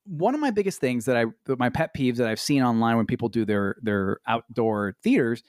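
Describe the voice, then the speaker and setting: A man on a podcast telling a story in an exasperated, animated way, swearing freely and swinging up into high pitch. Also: a little fast, no room sound, studio quality. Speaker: podcast co-host. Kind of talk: casual storytelling chat. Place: Los Angeles.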